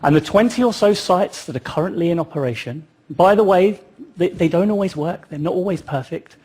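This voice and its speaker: A man's voice: high-pitched, brisk, darkish tone, breathy edge. A man giving a public talk, telling it as a story with wry asides. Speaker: speaker.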